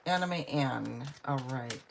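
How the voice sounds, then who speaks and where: A chatty woman with a low voice gives a live tarot reading, talking to viewers by name and laughing often. A faint hum of noise sits behind her. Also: takes it slowly, gravelly. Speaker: tarot reader.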